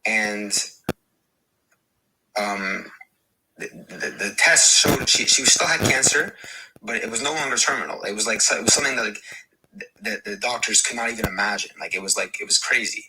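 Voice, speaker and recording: Brief: low-pitched male guest, stumbling storyteller, hiss under the voice. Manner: halting, repeats words, many restarts. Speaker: podcast guest. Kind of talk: casual debate and personal story. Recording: clear background hiss.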